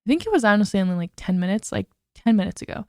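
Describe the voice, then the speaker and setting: A woman's voice: mid-range voice, expressive, rapid-fire, no echo, studio quality. A young woman hosting a casual solo podcast, chatty and full of "like" and "literally". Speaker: podcast host.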